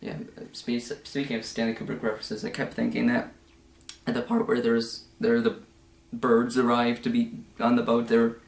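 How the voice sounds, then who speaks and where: A young man talks through a film in a casual, rambling review, stacking fillers and side remarks. His voice sits at a middling pitch, and the room gives it a noticeable echo. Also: monotone, gravelly. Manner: rambling, full of fillers and asides, slips into quick mocking voices. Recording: echoey room.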